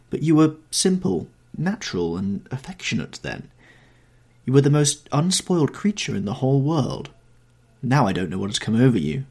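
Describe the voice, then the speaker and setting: An earnest older artist, pleading and reproachful toward a friend, as a man voices him in an audiobook. The voice is husky, and its pitch moves expressively. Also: darkish tone. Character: older male painter, earnest and anguished.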